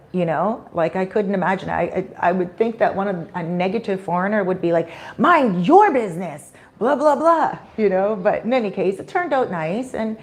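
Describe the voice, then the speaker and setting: A woman vlogger chatting casually on a live stream, telling a story with animation and acting out the people in it. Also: fairly low pitch. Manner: animated storyteller who acts out quoted people.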